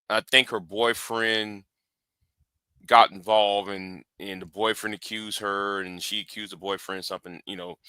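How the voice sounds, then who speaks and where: Slow, bright-voiced man rambling on stream. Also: lowish voice, clean tone, no room sound. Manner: rambling, halting, many fillers and restarts. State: tired, yawning after work. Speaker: live stream host. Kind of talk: casual live stream talk.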